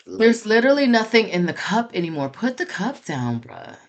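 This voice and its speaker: A young adult woman co-hosting a marriage podcast, talking in an expressive, playfully exasperated way. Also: mid-range voice, normal speed. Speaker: podcast co-host. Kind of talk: casual chat.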